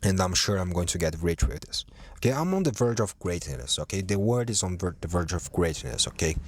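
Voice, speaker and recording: A man's voice: deep voice, sing-song, fairly quick. A young man hosting a solo podcast, ranting in a profane, rambling way with many restarts. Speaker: podcast host.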